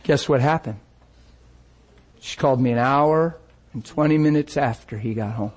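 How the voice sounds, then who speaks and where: An older man preaching a sermon, telling stories and acting out what people said, with an animated manner and frequent laughter. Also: mid-range voice, normal speed. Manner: animated, acts out quoted voices, laughs often. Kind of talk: sermon storytelling.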